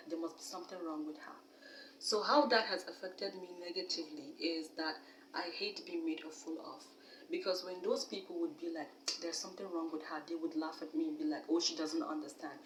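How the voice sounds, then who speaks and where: Young woman vlogger, fairly low voice, candid and animated, slightly distant mic in an echoey room. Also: a little hiss or hum. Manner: candid, animated, laughs at herself. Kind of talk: casual talk to camera.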